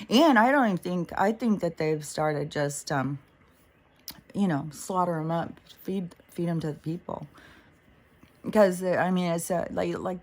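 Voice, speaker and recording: A middle-aged woman hosting a spiritual talk, rambling casually and emotionally, with lots of fillers and frequent swearing. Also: lowish voice. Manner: emotional, meandering, swears freely, many fillers. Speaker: spiritual podcast host.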